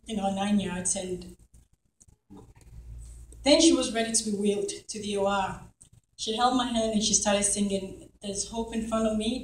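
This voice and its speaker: A middle-aged woman telling a church congregation a testimony, animated and acting out the lines of the people in her story. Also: medium pitch. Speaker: church member giving testimony. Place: church hall. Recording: echoey hall, from far off.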